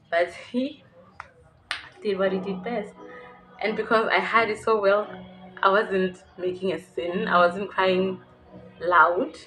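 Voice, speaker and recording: A woman's voice: on the low side, fairly bright tone, a little hiss or hum, rough recording. Candid South African woman telling a story. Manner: candid, laughs nervously while recounting. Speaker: YouTuber. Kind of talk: storytime vlog.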